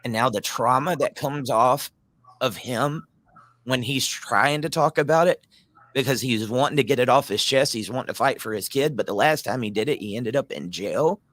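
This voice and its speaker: A man's voice: mid-range voice, normal speed, fairly bright tone, no echo. A man hosting a casual talk show, speaking with passion and addressing listeners directly. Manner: impassioned, addresses listeners as guys.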